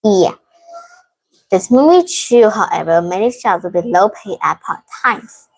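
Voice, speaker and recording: A woman's voice: medium pitch, lively intonation, gravelly, poor audio. Dizzy woman student reading answers. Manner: halting, informal non-native English. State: dizzy from heat. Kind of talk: reading exercise answers aloud.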